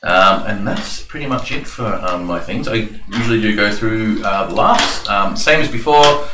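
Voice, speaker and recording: A man hosting a tabletop game podcast as game master, rambling with lots of fillers and quick to laugh. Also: on the low side, sharp tone. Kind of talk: casual podcast chat. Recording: echoey room, distant mic, clear noise.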